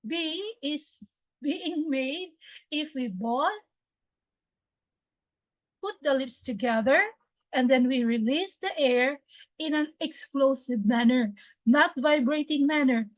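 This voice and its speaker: A woman from the Philippines with a Filipino accent, teaching English pronunciation slowly and deliberately, repeating words for drills. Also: high-pitched, dry recording, poor audio. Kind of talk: pronunciation lesson.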